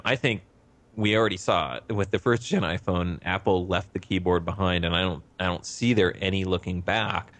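A man with a very deep voice co-hosts a casual tech podcast. He rambles along, stammering and filling gaps with fillers.

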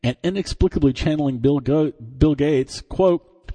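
Mellow, husky male tech-news host. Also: medium pitch, lively intonation, normal speed. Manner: dry, joking commentary between scripted items. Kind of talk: reading tech news with wry asides.

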